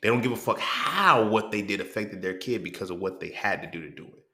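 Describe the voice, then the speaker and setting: A man's voice: lowish voice, animated, fairly quick, bright, forceful tone. A man hosting a casual monologue, blunt and profane, who keeps checking in with the listener. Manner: blunt and profane, keeps asking "you feel what I'm saying?". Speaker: host. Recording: roomy echo.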